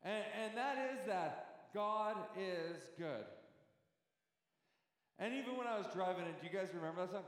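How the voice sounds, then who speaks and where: A man's voice: high-pitched, expressive, brisk. A male pastor preaching a heartfelt sermon, rambling and repeating words, then rising to fervent praise. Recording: very echoey hall with long reverb.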